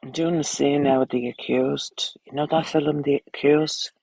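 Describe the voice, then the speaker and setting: A woman's voice: sits low, fairly even intonation, moderate pace, creaky, darkish tone, rough recording. An Irish woman with children, chatting bluntly and crudely on a casual livestream, rambling from topic to topic. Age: adult, with children.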